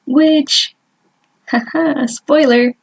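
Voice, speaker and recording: A woman's voice: high voice, fairly even intonation, extremely slow, vocal fry. A young woman vlogger chatting casually while she doodles, rambling and trailing off with lots of fillers and little laughs. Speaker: artist vlogger.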